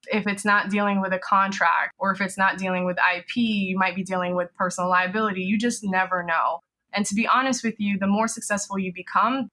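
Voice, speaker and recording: Bright-voiced woman lawyer explaining. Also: mid-range voice. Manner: explanatory, frequent "you know" and "right?". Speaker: business lawyer guest. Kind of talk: conversational podcast interview.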